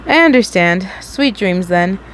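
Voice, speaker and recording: Soft courteous refined gentleman, read by a young woman, gentle, fanfiction reading. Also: medium pitch, animated, a little slow, slight background noise, pitched below the performer's own voice. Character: soft-spoken refined polite older man.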